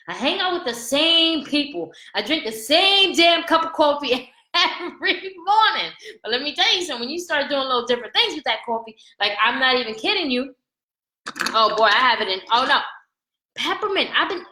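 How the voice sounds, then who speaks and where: A woman life coach giving an animated motivational talk, asking "right?" often and laughing between points. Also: high-pitched, reverberant, poor audio.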